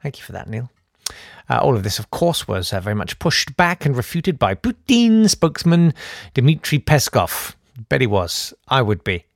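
A man hosting a satirical comedy monologue, sarcastic and mock-indignant, who sometimes breaks into shouted riffs. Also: mid-range voice, very animated, normal speed, vocal fry, no room sound, clean studio sound. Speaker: comedian host.

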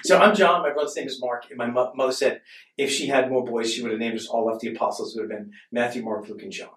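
Man from Boston, podcast guest, animated and profane, room echo, mic set back. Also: medium pitch, fast. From Boston, USA. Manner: animated, frequent swearing. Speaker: podcast guest, wine expert. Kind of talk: casual conversation. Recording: roomy, distant mic.

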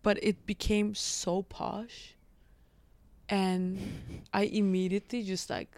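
A woman guest on a podcast, telling stories in a relaxed way with frequent hedges. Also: medium pitch, slow, no echo. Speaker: guest comedian. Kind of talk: casual chat.

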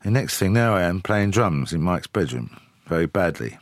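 Guy in his 50s, lowish voice, chuckly storyteller, dry mic. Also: normal speed, dry recording. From England. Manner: lively, chuckling storyteller with frequent "you know". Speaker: musician, guest. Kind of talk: casual chat, anecdotal storytelling.

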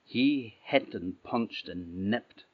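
A middle-aged man with an Orkney Scots accent telling a folktale in a relaxed, plain-spoken way. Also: fairly low pitch, slow pace, slightly rough. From Orkney, Scotland. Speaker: storyteller. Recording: dull, slightly muffled audio.

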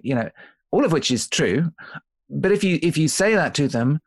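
A man talks through his ideas as a podcast guest, pausing and restarting as he thinks and often checking in with "right?". His voice sits a touch higher than most men's, and the recording is dry and close, with almost no room sound. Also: very animated, no echo. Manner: thoughtful, explains with many restarts and "right?" checks. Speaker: author and guest. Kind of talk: conversational podcast interview.

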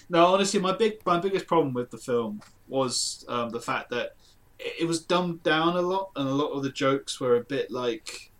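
A man's voice: medium pitch, expressive, normal speed, fairly bright tone. A man in casual chat, critical and sarcastic about a film.

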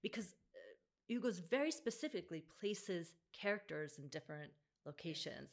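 Low-voiced woman in relaxed book chat. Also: fairly quick. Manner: thoughtful, with frequent fillers and restarts. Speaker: bookshop podcast host. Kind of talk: casual conversational discussion.

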